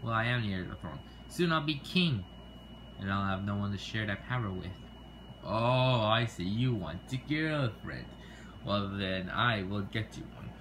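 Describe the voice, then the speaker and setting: A man's voice: fairly low pitch, animated, moderate pace, background noise, pitched below the performer's own voice, lightly acted. A man voicing a muddled, fussy old king who dotes on his son, in a homemade toy skit.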